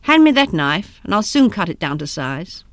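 A woman's voice: on the low side, sing-song, normal speed, no echo. A woman doing brusque, testy Gus. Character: Gus, brisk impatient man, new homeowner.

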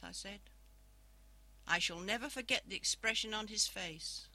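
Very bright, crisp storytelling voice. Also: mid-range voice, expressive, moderate pace, poor audio. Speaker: narrator. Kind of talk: scripted storybook narration.

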